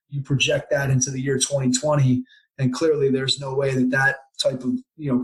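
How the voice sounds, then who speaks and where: A male podcast host talks through a long, rambling, reflective question. His pitch stays flat and even, at a middling level. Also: low-quality recording. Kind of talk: casual interview talk.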